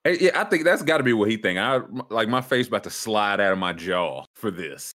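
A low-pitched man hosting a laid-back sports talk show. His voice swings widely up and down as he riffs, with loose, animated delivery and playful mock voices. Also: a little fast. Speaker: podcast host. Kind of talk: casual sports chat.

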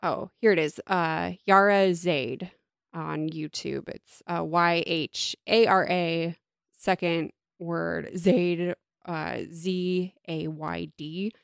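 Gravelly, low woman podcast co-host. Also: steady tone, takes it slowly, dry recording. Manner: thoughtful, dry asides, often trails off quietly. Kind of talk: casual chat.

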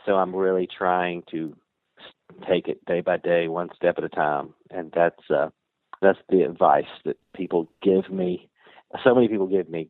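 An earnest man with a low voice, talking as a podcast guest and driving his points home by repeating them. He comes through a tinny phone line, and the sound is dry. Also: fairly even intonation, normal speed, dry recording. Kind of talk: casual interview chat.

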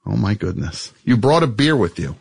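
A man's voice: fairly low pitch, very animated, moderate pace, creaky, slightly rough. A man hosting a talk show, teasing his guest and pressing him again and again to admit something, in casual joking chat. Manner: teasing, insistent, repeats himself. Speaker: host.

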